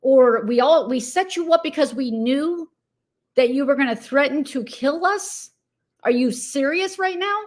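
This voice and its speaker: A woman's voice: high voice, a little slow. A woman hosting a commentary talk, exasperated and incredulous, speaking straight to the person she criticizes. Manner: irritated, incredulous, addresses target directly. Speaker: commentary host.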